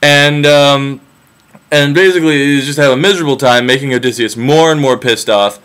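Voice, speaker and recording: A man's voice: mid-range voice, a little fast, a bit bright, smooth. A young man retelling a myth as a casual, profane comedy. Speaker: storyteller.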